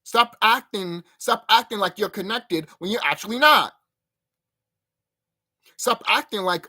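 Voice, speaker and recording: Animated, swearing man ranting on his channel. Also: sits high, a little slow. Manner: animated, profane, emphatic. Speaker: channel host. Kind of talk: reaction rant.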